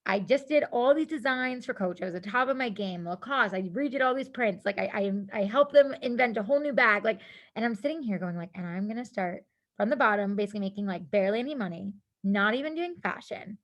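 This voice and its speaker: A woman guest on a podcast, telling a story in casual chat, animated, laughing often and acting out what people said. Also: medium pitch, fast, muffled recording. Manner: animated, laughing, acts out quotes, casual swearing.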